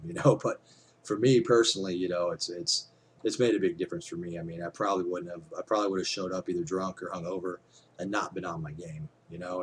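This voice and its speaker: A man's voice: low voice, a little hiss or hum. A man talking casually to his camera, rambling with lots of fillers and casual swearing. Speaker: vlogger.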